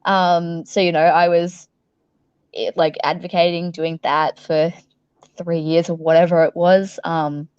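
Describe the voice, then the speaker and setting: A woman's voice: lowish voice, flat delivery, unhurried, a little mellow, clear, resonant tone, dry recording, lo-fi sound. A young Australian woman, a professional wrestler being interviewed, tells stories casually, laughing often and swearing freely.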